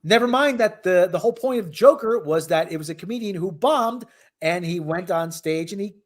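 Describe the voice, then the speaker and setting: A man's voice: high voice, expressive, moderate pace. A man hosting a podcast, giving sardonic, rambling commentary with frequent restarts. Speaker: podcast host. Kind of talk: casual commentary chat.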